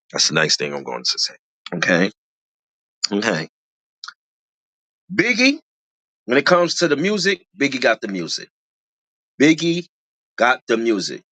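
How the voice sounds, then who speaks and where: A casual reality show commentator talking slangy and fast, hammering the same phrases over and over. The voice is bright and forceful, with pitch that swings widely and leaps high with excitement. The recording is dry, with no room sound. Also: dry recording. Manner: animated, repeats phrases for emphasis, slangy; voice jumps high when excited.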